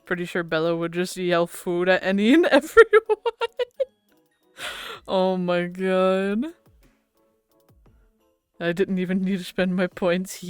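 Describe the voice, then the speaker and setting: A giggly woman streamer rambles through a casual chat with her viewers, laughing often. She talks slowly in a smooth, clear voice, recorded dry over faint background music. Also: on the low side, no room sound.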